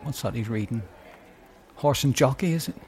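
A man's voice: mid-range voice, moderate pace, vocal fry, darkish tone. A man co-hosting a podcast who chats in a rambling, hesitant, joking way. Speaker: podcast co-host. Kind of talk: casual chat.

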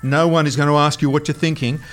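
A man's voice: on the high side, fairly even intonation, fast talker, fairly bright tone. A man explaining and coaching someone through a demonstration, patient and encouraging. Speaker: researcher demonstrating a brain-sensor game. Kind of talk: casual explanatory chat.

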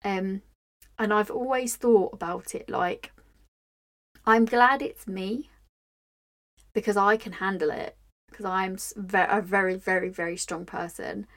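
A woman's voice: medium pitch, fairly even intonation, normal speed, vocal fry. Candid young woman podcaster. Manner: candid, emotional, many "like" fillers and restarts. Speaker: podcast host. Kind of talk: personal reflective monologue.

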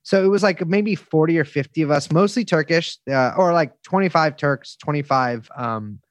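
A man's voice: a little high, moderate pace, no room sound. Guy rambling through a story, lots of likes and restarts, swears a lot, dry close sound. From United States. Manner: rambling, many restarts and fillers, profane. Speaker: guest. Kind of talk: casual storytelling interview.

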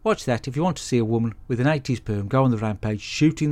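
Male podcast host, deadpan and sweary, dry comic film recaps. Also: medium pitch, quick pace, faint music behind. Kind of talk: comic film review monologue.

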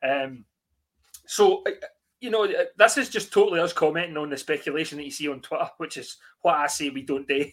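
A man hosting a casual football podcast, laughing often and talking in quick bursts. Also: fairly high pitch. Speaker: podcast host.

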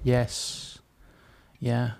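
A man's voice: medium pitch, monotone, drawn-out words, vocal fry, a little mellow. A man hosting a podcast, chatting in a loose, joking way. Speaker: podcast host. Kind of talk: casual chat.

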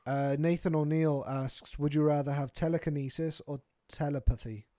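Young man, mellow warm voice, chatty podcast co-host, dry sound. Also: fairly high pitch, steady tone, moderate pace, no echo. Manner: chatty, easily amused. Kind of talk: casual chat.

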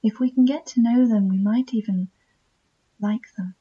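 A woman podcast host with a self-taught English accent, speaking in a soft, reflective monologue that keeps slipping into near-whispers. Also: a little high, moderate pace, husky. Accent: self-taught English accent that drifts toward American. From England. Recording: dull, muffled recording.

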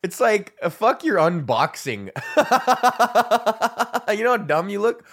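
A man's voice: sits high, big pitch swings, slow pace, a bit bright. A man, a comedian ranting alone on his podcast, swearing and rambling while he laughs at his own jokes. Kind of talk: ranting solo podcast monologue.

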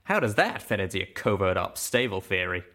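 A man voicing a boastful male pegasus pony gunslinger who talks in a folksy drawl, animated and emphatic. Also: low voice, fairly quick, heavily acted. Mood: defensive.

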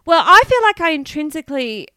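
A woman's voice: sits high, sing-song, fairly quick, sharp tone, no room sound, studio quality. A woman with an Australian accent, co-hosting a casual podcast chat, laughing often and swearing freely. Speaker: podcast co-host.

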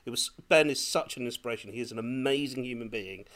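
A man on a podcast telling a lively personal story in casual chat, laughing often as he goes. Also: medium pitch, quick pace. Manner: animated, laughing, breathless when excited. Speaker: podcast co-host.

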